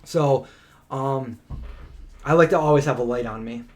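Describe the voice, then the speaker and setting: A man co-hosting a live question-and-answer stream, telling a story in a casual, animated way with lots of filler words. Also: medium pitch, a little slow. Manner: animated, chatty, many "like" fillers.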